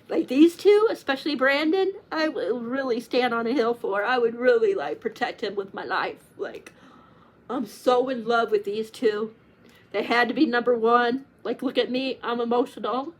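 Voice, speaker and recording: A woman chatting casually to camera about her favorite books, gushing and emotional, close to tears, with lots of "like" fillers. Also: a little high. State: tearful, near crying. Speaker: book reviewer. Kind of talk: casual book chat to camera.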